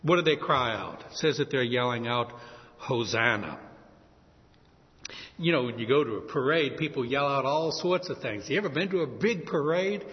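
A man from New Orleans with a New Orleans accent preaching a sermon as pastor, telling stories in a lively way and acting out shouted quotes. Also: mid-range voice, normal speed. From New Orleans, USA. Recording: muffled sound with long hall reverb.

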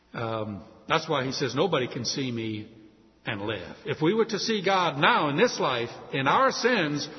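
A man preaching a sermon, animated and acting out quoted voices. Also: a little high. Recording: muffled hall with long reverb.

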